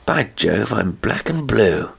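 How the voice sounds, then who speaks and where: A man's voice: lowish voice, very animated, slow, gravelly, breathy edge, voice pushed up, full character voice. A man voicing a nervous male artist who protests uneasily, in a raised voice. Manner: forced nervous laughter, uneasy.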